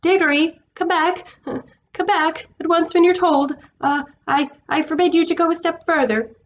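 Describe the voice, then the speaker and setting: A woman's voice: steady tone, normal speed, dull audio. A woman voicing a cowardly, fussy older uncle in a storybook reading, calling out shrilly and shakily. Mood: nervous. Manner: shrill and trembling.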